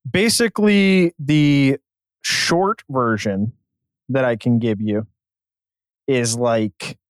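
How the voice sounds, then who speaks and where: A man's voice: mid-range voice, takes it slowly, dry recording. A man co-hosting a casual sports podcast, explaining things in a chatty way full of fillers. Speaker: podcast co-host.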